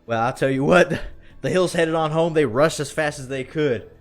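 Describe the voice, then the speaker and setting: A man, telling a story in a drawn-out country storytelling voice and often asking "all right?". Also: a little high, faint music behind. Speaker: podcast co-host.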